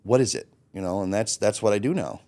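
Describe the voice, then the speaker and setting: A man's voice: on the low side, quick pace. A man in his late forties, a guest telling his own story in a candid, blunt way, swearing freely and acting out his own past thoughts. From Florida. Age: 40s. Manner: blunt, swears freely, animated when quoting himself. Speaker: interview guest.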